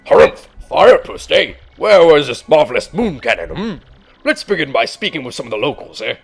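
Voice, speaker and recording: A man voicing a gruff, pompous old male bomb sailor in a put-on English accent, harrumphing and tacking "eh" onto his lines. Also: fairly high pitch, sing-song, brisk, soft background music. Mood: jaunty. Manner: harrumphing, tag questions like "eh" and "hmm". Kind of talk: let's play voice reading.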